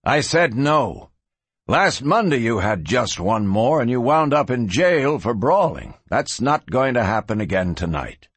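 A man's voice: medium pitch, sing-song, measured pace, fairly bright tone, husky, dry recording, full character voice. A man playing a firm, level-voiced sheriff. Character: steady, firm male frontier sheriff.

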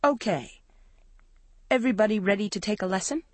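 A woman's voice: medium pitch, a little fast, no room sound, close to an everyday voice. Woman voicing a brash teenage girl swimmer. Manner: brash, showy announcer voice.

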